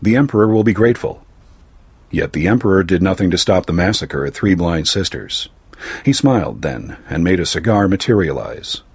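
A man reading a fantasy story aloud in a measured, even way. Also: deep voice, slightly rough, no echo. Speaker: narrator. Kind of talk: scripted story narration.

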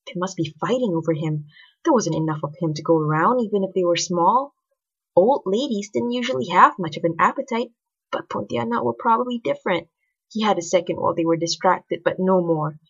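A woman reads a story aloud with expressive narration. Her voice is low and husky. The recording is dull and lo-fi. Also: fairly quick.

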